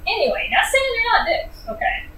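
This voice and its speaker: A woman giving a casual book review, animated and sarcastic, with lots of filler words. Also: very high voice, a little fast. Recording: echoey room, distant mic, faint noise.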